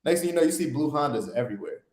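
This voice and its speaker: A man's voice: on the high side, animated, rapid-fire, a little mellow, reverberant. A young man, co-host of a podcast, explaining an idea in loose casual talk, often tagging "right?" onto his sentences. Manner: loose, filler-heavy, keeps asking "right?".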